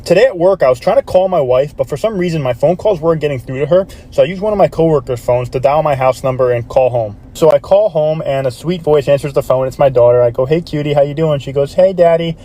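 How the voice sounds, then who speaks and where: Fast-talking man telling joke stories. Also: fairly high pitch. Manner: quick, animated joke delivery with voiced quotes. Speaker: storyteller. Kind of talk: comedic anecdote storytelling.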